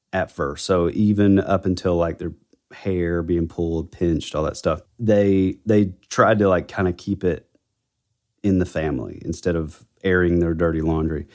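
Deep-voiced and darkish in tone, a man co-hosting a podcast chats casually through a ghost legend. He's a rambling storyteller who keeps correcting himself.

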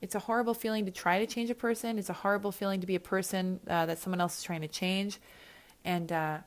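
A woman's voice: mid-range voice, steady tone, quick pace. A woman hosting an advice podcast, talking casually and earnestly, rambling with restarts and repeating her points for emphasis. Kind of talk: casual, heartfelt advice chat.

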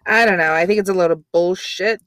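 A woman's voice: fairly low pitch, brisk, fairly bright tone, no room sound, studio quality. A woman co-hosting a podcast, giggly and blunt, swearing freely in casual chat about a reality show. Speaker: podcast co-host.

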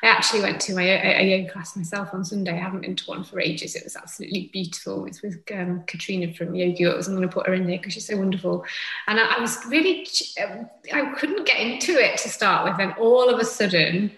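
A woman, a yoga teacher speaking gently and reflectively as a podcast guest. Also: medium pitch, quick pace, creaky, echoey room, poor audio. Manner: gentle, reflective, with soft fillers. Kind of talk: casual conversation.

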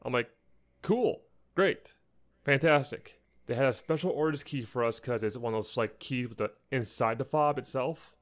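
A man's voice: medium pitch, brisk, hardly any pauses. A young man co-hosting a podcast, telling an angry story in a casual chat and acting out the people he quotes. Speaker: podcast co-host.

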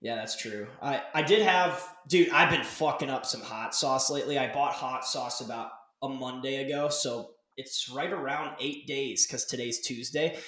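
A young man hosting a podcast. He chats casually, rambles in an animated way and swears freely from a dark home office. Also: medium pitch, normal speed, hardly any pauses. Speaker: podcast host. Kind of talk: casual chat. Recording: roomy echo.

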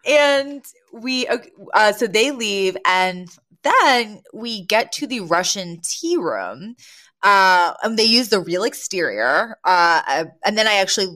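A woman's voice: medium pitch, slow pace. A woman co-hosting a podcast, casually recapping a sitcom episode with lots of laughter and acted-out lines. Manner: animated, laughs often, acts out lines from scenes. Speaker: podcast co-host.

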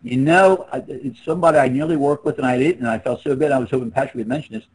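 Husky old guy in his 70s rattling off stories fast on a video call, kinda rambly. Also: medium pitch, poor audio. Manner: rambling, anecdote-heavy, trails off. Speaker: interview guest. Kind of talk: casual storytelling on a video call.

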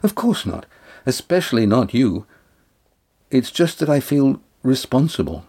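A man's voice: medium pitch, very animated, unhurried, warm tone, husky, pitched above the performer's own voice. A man voicing an earnest young sailor who worries aloud in an audiobook. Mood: worried. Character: anxious young sailor, earnest and self-doubting. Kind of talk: audiobook character voice.

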